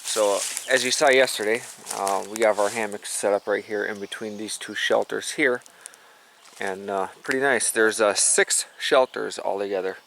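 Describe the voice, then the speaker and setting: A man's voice: lowish voice, normal speed, vocal fry, a bit bright, a little hiss or hum. A man casually narrating a hiking vlog at an outdoor campsite, rambling with many fillers. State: stuffed up from allergies. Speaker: vlogger.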